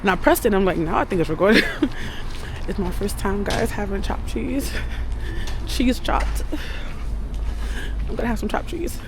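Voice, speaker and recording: A woman's voice: mid-range voice, animated, moderate pace, long pauses, background noise. Chatty New woman vlogging. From New York. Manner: chatty, slangy, rambling asides. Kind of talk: casual vlog chat.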